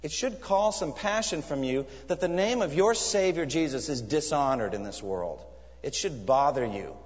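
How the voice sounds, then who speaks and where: A man's voice: fairly high pitch, animated, moderate pace. A man preaching a sermon in an earnest, emphatic way, pressing his listeners with searching questions. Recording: echoey hall, dull lo-fi sound.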